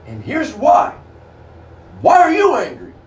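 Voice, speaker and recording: Shrill, wound-up man played by a man, yelping and agitated over a noisy backdrop. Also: huge pitch swings, slow, echoey room, recorded from a distance, full character voice. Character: shrill agitated guy insisting he's not angry.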